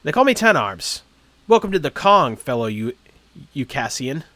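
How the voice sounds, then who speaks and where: A man voicing a brusque middle-aged man with a Midwestern accent in a video game, clipped and a little louder than his own voice. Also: medium pitch, very animated, normal speed, no echo. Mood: cheerful. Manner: gruff and clipped, then loud and cheery.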